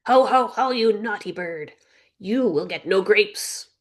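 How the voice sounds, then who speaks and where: Lady playing a cheeky starling bird, teasing, mimicking, high. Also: measured pace, close to an everyday voice.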